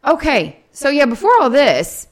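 A woman's voice: high voice, big pitch swings, normal speed. A woman co-hosting a casual chat, laughing often and trailing off while she recalls a story.

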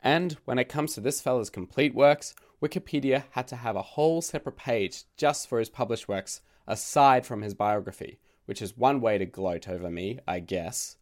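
A man hosting a literature podcast, reading a scripted essay with wry, jokey asides in a voice left croaky by a recent illness. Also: mid-range voice, normal speed, few pauses, darkish tone.

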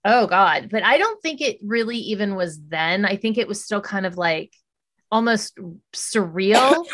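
A middle-aged woman with a mid-range voice chats as a podcast co-host. She tells stories casually, growing animated when she quotes other people. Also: medium pitch, measured pace. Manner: chatty storyteller, animated when quoting others. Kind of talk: casual chat.

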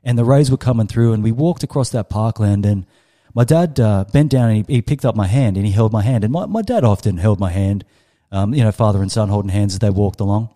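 Australian man in his 30s, guest storyteller; low, mellow voice, emphatic delivery. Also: a little fast. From Western Australia. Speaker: guest, startup coach. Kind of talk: storytelling in a podcast interview.

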